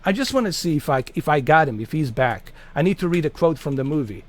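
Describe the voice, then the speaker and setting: Rambling, animated male gamer. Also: a little high, quick pace. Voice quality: rambling, swears freely, lots of fillers. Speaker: gaming channel host. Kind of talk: casual rambling chat.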